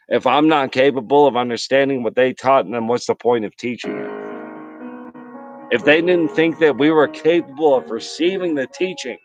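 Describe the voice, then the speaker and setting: Profane rambling man. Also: medium pitch. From North Shore of Boston. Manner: profane, rambling, laughs often. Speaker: host. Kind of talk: casual livestream chat and freestyle rap.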